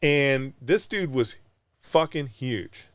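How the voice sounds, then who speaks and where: A middle-aged Marine veteran from Southern California hosting a podcast, telling a story casually, blunt and profane, with frequent restarts. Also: male voice, medium pitch, animated, takes it slowly, fairly bright tone, no echo. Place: podcast studio.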